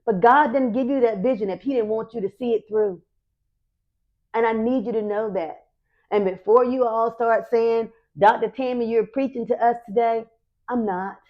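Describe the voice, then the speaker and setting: A woman's voice: a little high, moderate pace, highs cut off. A middle-aged woman hosting a podcast, giving an earnest, encouraging faith talk and repeating her key phrases for emphasis. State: emotional, near tears. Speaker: podcast host.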